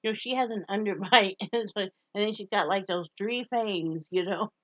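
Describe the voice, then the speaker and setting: A woman's voice: medium pitch, normal speed, a bit bright, dry recording, dull audio. A middle-aged woman from Wyoming chatting casually to her camera at home. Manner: chatty, baby-talks to her dog. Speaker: vlogger.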